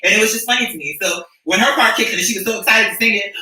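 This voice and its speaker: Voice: medium pitch, rapid-fire, bright, forceful tone. A streamer and musician chatting casually with viewers, rambling, sassy and profane, often restarting sentences. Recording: echoey room, mic at a distance.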